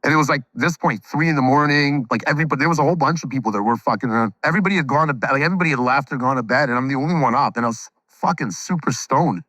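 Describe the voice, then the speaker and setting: A man's voice: medium pitch, racing, hardly any pauses, bright, forceful tone, no echo, rough recording. A middle-aged man casually retelling his own story, loose and profane, acting out the people he quotes. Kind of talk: casual anecdote.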